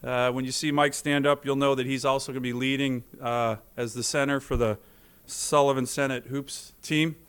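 A man's voice: medium pitch, little pitch movement, moderate pace, fairly bright tone, clean tone. A middle-aged man, a senator, giving a formal speech to a legislative chamber, telling anecdotes with self-deprecating jokes.

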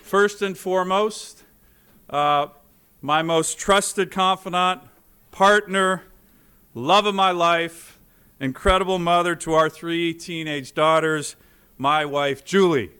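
Man, middle-aged, slightly high voice, smooth and resonant, formal speech to a chamber, self-deprecating humor. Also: steady tone, slow, pushed and bright. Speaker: US senator addressing a legislature. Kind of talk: formal speech with personal anecdotes. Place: legislative chamber.

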